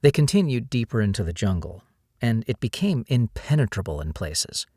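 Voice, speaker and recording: A male audiobook narrator with a low voice reads a novel at normal speed in a steady storytelling manner as scripted narration. The recording is dry and close, with no room sound or echo.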